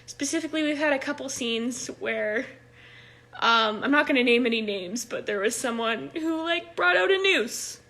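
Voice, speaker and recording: Bright, high-pitched young woman coach. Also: expressive, moderate pace. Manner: chatty, laughs often, many "like" fillers. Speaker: improv coach. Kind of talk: casual livestream talk. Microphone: phone.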